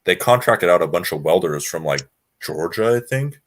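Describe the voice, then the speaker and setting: A man's voice: deep voice, expressive, moderate pace. A man from Washington state chatting casually, laid-back and swearing freely. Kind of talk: casual chat.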